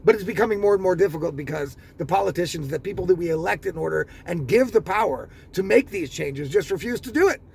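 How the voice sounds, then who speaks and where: A man's voice: high voice, expressive, fast, gravelly, hardly any pauses, darkish tone, husky. A man from the United States giving a heated, profane political rant as a vlogger, repeating himself for emphasis. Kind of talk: ranting political commentary.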